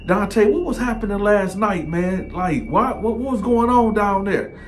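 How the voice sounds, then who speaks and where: A man's voice: sits high, animated, unhurried, slight background noise, voice pushed up. A man doing a curious male inmate friend. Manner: casual, curious questions.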